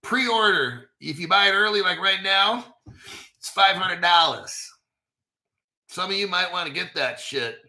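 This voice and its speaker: A man with a high-sitting, sharp voice and lively intonation hosts a live crypto show at an unhurried pace. Reading articles aloud, he talks casually and profanely, bantering back at himself.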